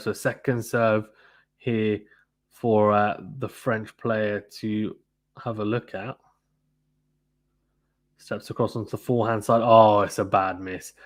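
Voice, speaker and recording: Guy doing casual tennis play-by-play, lowish voice, chatty. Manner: chatty, reads viewer comments, fillers like "to be honest with you". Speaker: live stream tennis commentator. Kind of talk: play-by-play commentary.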